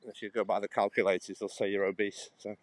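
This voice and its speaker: A man's voice: lowish voice, little pitch movement, fast talker, no room sound. Man chatting on a walk. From England. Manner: rambling, chatty, answers viewers' comments; talks while walking. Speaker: livestreamer. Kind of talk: casual walking livestream chat. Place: outdoors on a cycle path beside a road. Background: passing traffic.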